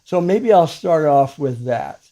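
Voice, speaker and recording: A man giving a casual spiritual talk to camera as a Christian teacher, halting with many fillers and restarts and soft chuckles. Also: fairly high pitch, animated.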